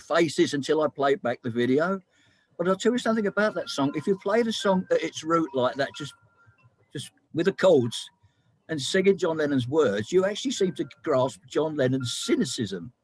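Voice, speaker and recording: A man's voice: a little high, animated, moderate pace. A man in casual chat on a video call, explaining things eagerly as a musician sharing songs.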